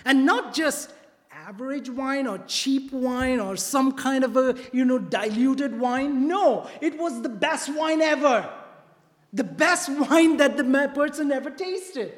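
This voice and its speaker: A preacher giving a sermon in a church, repeating key phrases and often checking in with the congregation with a quick "right?" or "okay?". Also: high voice. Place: church sanctuary. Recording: long reverb of a large hall.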